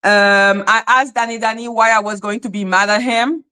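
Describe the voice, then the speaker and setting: A woman's voice: fairly high pitch, fairly even intonation, moderate pace, pushed and bright, smooth. A woman hosting a casual livestream, chatting loosely, exclaiming and greeting viewers by name. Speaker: livestream commentary host.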